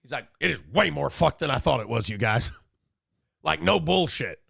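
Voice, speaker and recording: Male morning show host, rough gravelly tone, profane and animated, dry studio sound. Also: on the high side, moderate pace, no echo. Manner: profane, animated, mimics others in loud bursts. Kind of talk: casual podcast commentary.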